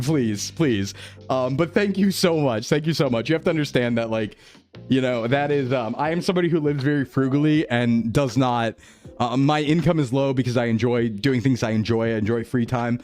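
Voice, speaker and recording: A man chatting casually on a live stream, excitable and gushing with thanks, often breaking into laughter. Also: mid-range voice, fairly quick, faint music behind.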